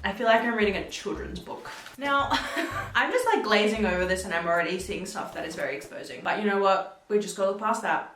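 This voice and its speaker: A woman's voice: medium pitch, lively intonation, a little fast, fairly bright tone. A woman in her twenties with an Australian accent, chatting casually as a vlogger, self-mocking, laughing often and swearing lightly. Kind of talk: casual vlog chat. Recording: roomy, off-mic, faint music.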